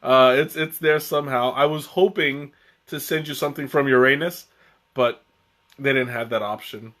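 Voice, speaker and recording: A man hosting a casual live-stream tea tasting, chatty and joking, who talks haltingly with many restarts and fillers. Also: medium pitch, fairly even intonation, a bit bright. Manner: chatty and joking, often chuckling.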